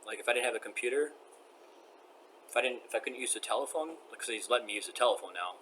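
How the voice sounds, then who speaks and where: A man's voice: mid-range voice, animated, quick pace, sharp tone, a little hiss or hum. An upset man venting in a personal vlog rant, agitated, rambling and repeating himself.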